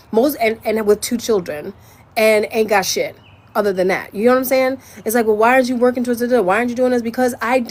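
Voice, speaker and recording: Brief: woman host, higher voice, frank, swears, loose spiritual chat. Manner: candid and animated, swears freely, laughs and breaks into song. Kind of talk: casual monologue.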